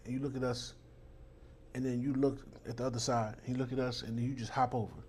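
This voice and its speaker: Male host, heated commentary, mocking, profane, mid-pitched voice. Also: fairly even intonation, fast, slight background noise.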